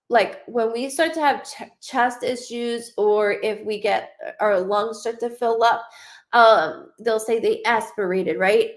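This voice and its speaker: A woman medium giving a live psychic reading, rambling and swearing, often restarting her sentences. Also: a little high. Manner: rambling, profane, frequent restarts.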